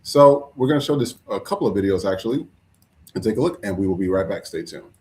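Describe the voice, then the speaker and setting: A man's voice: lowish voice, fast talker. A man hosting a podcast, talking casually with fillers as he sets up the next segment. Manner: relaxed, fillers, introduces segments. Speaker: podcast host.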